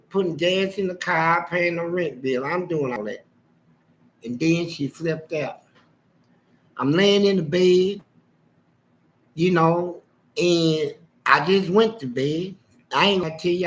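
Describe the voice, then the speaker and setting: A man's voice: on the high side, poor audio. A man telling a personal story on a live stream in a casual, slangy way, acting out what people said. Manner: animated, slangy, acts out the quotes.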